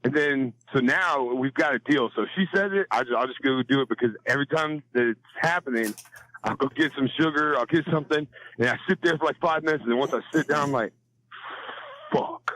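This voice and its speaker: Profane, animated man joking around. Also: mid-range voice, quick pace, a little hiss or hum, low-quality recording. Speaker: podcast co-host. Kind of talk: casual chat.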